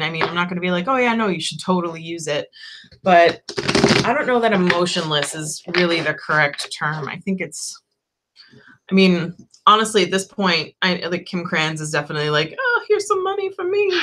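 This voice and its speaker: On her tarot channel's live chat, a young host talks in a chatty, candid, meandering way, peppered with "um" and "like" and the occasional swear. She has a medium-pitched voice, and background noise can be heard.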